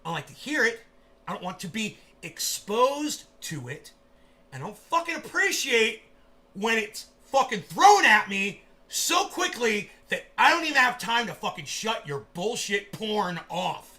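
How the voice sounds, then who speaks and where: A man livestreaming a profane rant, who swears constantly, bursts into shouting and acts out scenes in quoted voices. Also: sits high, big pitch swings, unhurried.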